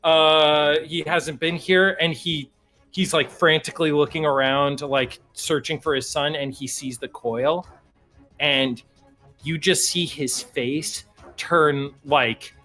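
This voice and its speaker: Chill guy DMing a tabletop game, slow rambly narration, faint music behind. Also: fairly high pitch, fairly even intonation, bright, forceful tone. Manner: laid-back, laughing, rambling narration. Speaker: game master.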